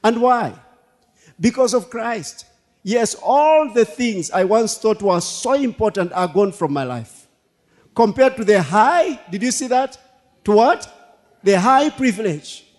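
A man preaching a sermon as pastor, animated, laughing and repeating himself for emphasis. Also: high-pitched, measured pace. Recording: long hall reverb.

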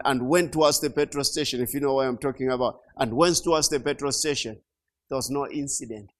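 A middle-aged man preaching a sermon, slow and emphatic, repeating key phrases and rising to loud peaks. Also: medium pitch. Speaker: pastor.

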